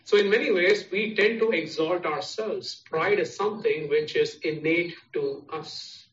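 Indian English preacher in an echoey room. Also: male voice, fairly high pitch, unhurried, fairly bright tone. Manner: repetitive, emphatic preaching with listed parallel phrases. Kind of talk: sermon. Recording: echoey, distant, dull sound.

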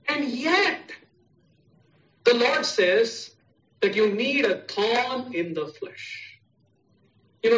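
A man with an Indian English accent delivers a sermon and drives each point home with repeated, parallel phrases. His voice sits fairly high. The recording sounds muffled and echoes around a room. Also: a bit bright. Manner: repetitive, emphatic preaching with listed parallel phrases. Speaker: preacher. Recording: echoey, distant, dull sound.

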